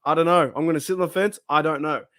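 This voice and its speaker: A man's voice: fairly high pitch, steady tone, fast talker, fairly bright tone, no echo, clean studio sound. A man talking casually to the camera as a sports YouTuber, rambling and thinking aloud with frequent asides. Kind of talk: casual solo video commentary.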